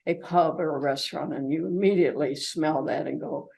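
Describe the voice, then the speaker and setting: A woman's voice: low-pitched, a little fast, vocal fry, a little mellow, poor audio. An older woman giving an informal travel slide talk, chatty and full of fillers and restarts. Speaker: travelogue presenter.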